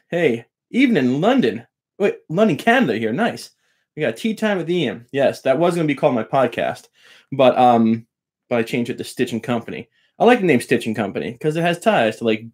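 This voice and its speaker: Middle-aged guitar teacher, chatty live-stream host, joking with viewers; mid-pitched male voice. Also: a little mellow. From Long Island, New York. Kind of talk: casual live-stream lesson and chat.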